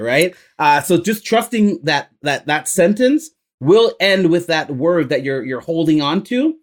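A man's voice: fairly high pitch, lively intonation, unhurried, few pauses. Upbeat man coaching rhymes with fillers. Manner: upbeat, laughs often, many fillers. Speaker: rhyming coach. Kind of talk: casual coaching session.

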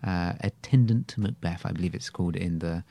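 A man in his forties with an English accent, an actor telling a story in a casual chat, halting with many repeated starts. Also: deep voice, vocal fry, warm tone, dry recording. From England. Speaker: actor guest.

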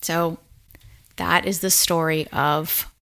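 Bright-voiced woman telling a story. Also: low voice, fairly even intonation, slow pace, creaky. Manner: storytelling with swearing and fillers. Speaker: podcast co-host. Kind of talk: casual chat and storytelling.

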